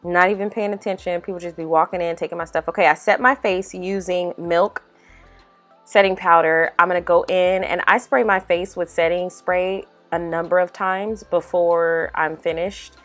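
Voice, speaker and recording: A young woman chatting casually as a makeup vlogger, animated and full of "y'all" and "like.". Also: lowish voice, normal speed. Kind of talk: casual voice-over chat. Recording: faint music underneath.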